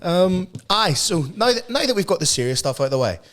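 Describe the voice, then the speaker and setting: A man's voice: high voice, sing-song, fairly quick, fairly bright tone. A man, co-hosting a podcast, swearing constantly and ranting with mock outrage. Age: 30s. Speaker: podcast co-host. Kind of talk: casual podcast banter.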